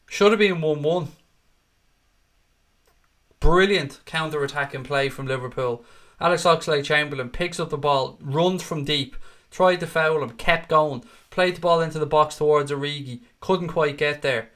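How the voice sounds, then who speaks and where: A man's voice: a little high, moderate pace. A man hosting a live fan watchalong, calling the match play by play, swearing freely and chatting with viewers. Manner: excitable, sweary, rants at the referee; chats to viewers in the live chat.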